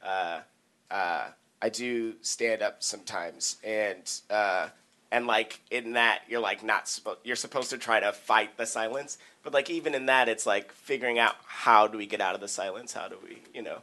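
A man, a comedian guest, reflecting in a halting, thoughtful way in casual chat. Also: lowish voice, sharp tone. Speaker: improv and stand-up comedian guest.

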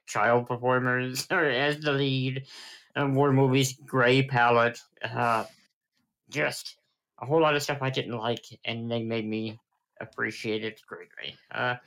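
Man, podcast co-host, bright tense tone, easygoing, laughs a lot. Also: medium pitch, little pitch movement, measured pace, low-quality recording. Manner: laughs often, agreeable. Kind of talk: casual film chat.

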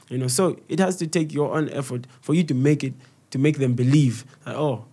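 A young Zambian man speaking with a Zambian accent in a relaxed podcast conversation. His delivery is lively storytelling, and his pitch sits in the middle for a man. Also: a little fast, slightly rough. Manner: animated storytelling, switches into local language for quoted voices. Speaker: guest comedian and content creator. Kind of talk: casual interview talk.

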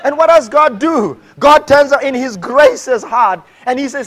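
Man, preacher, high-pitched, lively sermon, shouts, acts out quotes. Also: normal speed. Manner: animated preaching, acting out quoted voices, shouting peaks. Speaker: pastor.

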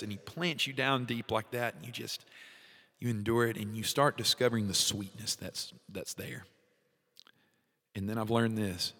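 A man's voice: mid-range voice, normal speed, pushed and bright, big-room sound. A man hosting a devotional talk, speaking casually and from the heart, laughing often as he shares his faith. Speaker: podcast host, worship leader.

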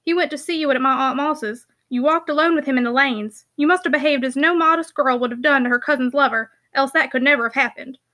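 A woman reading the lines of a stern, unforgiving young man in an audiobook, with a harsh, accusing delivery in her own high, bright voice. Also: fairly even intonation, fast talker, few pauses. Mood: cold accusing. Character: stern older brother, cold and unforgiving.

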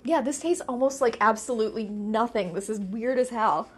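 Speaking at an ordinary pace in a fairly high voice, this woman hosts a relaxed solo podcast. She eats as she goes, now and then talking through a mouthful, and fills her musings with lots of filler words.

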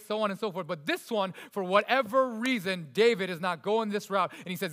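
A man preaching a sermon in an expressive, conversational way, swinging between loud emphasis and quiet asides. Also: high-pitched, brisk, few pauses. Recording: long reverb of a large hall.

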